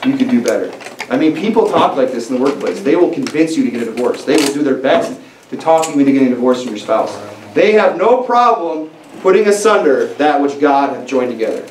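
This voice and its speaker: A man's voice: mid-range voice, expressive, fairly quick. Emphatic male preacher in an echoey church. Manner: emphatic, conversational, with frequent restarts and fillers. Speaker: pastor. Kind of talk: sermon. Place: church sanctuary. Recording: echoey church room, mic at a distance, faint hiss.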